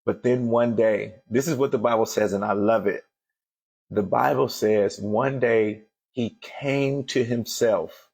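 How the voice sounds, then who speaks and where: A man's voice: fairly low pitch, steady tone, unhurried, gravelly, a little mellow, husky. A man giving an emphatic motivational sermon as host of a daily show, repeating phrases as he builds to fervent calls to action.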